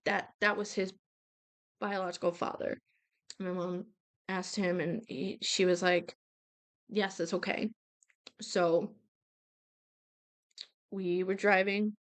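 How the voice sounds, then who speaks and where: A young woman hosting a podcast, telling a personal story of losing her father in a halting, emotional way full of fillers and restarts. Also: mid-range voice. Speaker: podcast host. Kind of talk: personal storytelling about grief.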